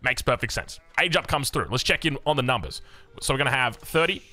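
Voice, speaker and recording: Man, Australian accent, esports caster, energetic and jokey, bright tone, very animated pitch. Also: fairly quick. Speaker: game caster. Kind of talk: esports play-by-play commentary.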